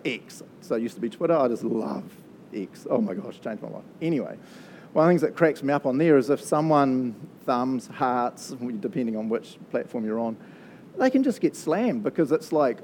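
A man's voice: mid-range voice, dark tone, a little hiss or hum. A man with a New Zealand accent preaching a casual, conversational sermon, chatty and joking, often laughing at his own asides. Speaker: pastor.

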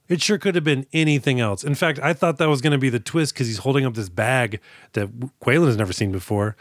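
A man's voice: mid-range voice, expressive, fast, no echo. Dry-sounding joking man co-hosting a podcast. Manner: jokey, acts out movie quotes with laughs. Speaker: podcast co-host. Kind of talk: casual chat.

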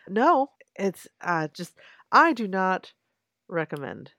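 A woman's voice: mid-range voice, lively intonation, a little slow, a bit bright, no echo, clean studio sound. A woman co-hosting a casual discussion podcast, thoughtful and wry, often agreeing with short fillers.

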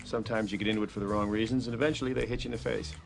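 A man's voice: lowish voice, steady tone, racing, gravelly, faint music behind. An actor playing a witty, hard-drinking older male ad executive, delivering dry sardonic one-liners. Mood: wry.

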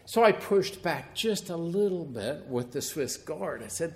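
Middle-aged male priest, wry storytelling homily, mid-pitched voice. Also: expressive, a little slow. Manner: storytelling, conversational with wry humor.

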